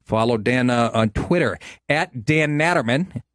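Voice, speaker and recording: A man's voice: mid-range voice, unhurried, no room sound, clean studio sound. A man hosting a comedy podcast, telling stories in a crude, laughing, casual way. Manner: crude, laughing, animated storytelling. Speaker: podcast host.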